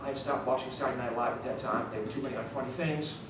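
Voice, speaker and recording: A man with a New Orleans accent talks casually and rambles, chuckling as he loops back over his own words. He sits some way from the mic. The room rings with a strong echo, and there is a steady background noise. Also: mid-range voice, rapid-fire. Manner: rambling, chuckling, stops and restarts. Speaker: author. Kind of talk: casual talk to a small audience. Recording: echoey room miked from a distance, noise.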